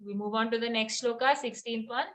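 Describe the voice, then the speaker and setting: A woman's voice: fairly high pitch, steady tone, fairly quick, fairly bright tone. A woman teaching Sanskrit verse pronunciation, chanting lines and repeating words syllable by syllable. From India.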